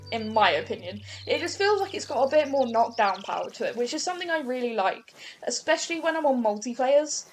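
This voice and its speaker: A young woman talks through her hunting game in a loose, chatty way. She rambles, trips over words and restarts her sentences. Her voice sits a little high for a woman. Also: a little hiss or hum. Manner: chatty, rambling, self-correcting. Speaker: gaming channel host. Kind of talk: casual gameplay commentary.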